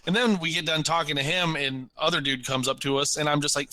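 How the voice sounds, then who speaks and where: A man co-hosting a podcast, telling a story in a casual, animated way and acting out what people said. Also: on the high side, brisk, hardly any pauses, no room sound. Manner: animated, laughs while telling stories, acts out quotes. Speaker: podcast co-host.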